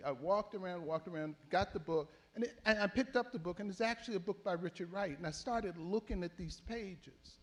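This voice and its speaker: Older man, reflective oral history storyteller. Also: high-pitched. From Philadelphia. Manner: reflective, halting storyteller with many fillers. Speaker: elder activist interviewee. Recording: handheld mic in a panel setting.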